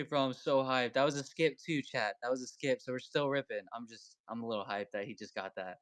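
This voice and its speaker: Young male stream host, excitable and sweary, clean voice, dry room. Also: medium pitch, moderate pace, few pauses, smooth, no echo. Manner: excitable, swears when thrilled, talks to chat. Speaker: live-stream card breaker. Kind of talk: casual live-stream chat.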